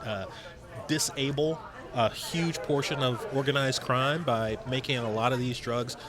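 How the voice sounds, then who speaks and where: A man talking in a casual podcast panel, laying out his argument earnestly at a middle pitch. A loud crowd murmurs clearly behind him. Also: a little slow. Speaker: podcast co-host.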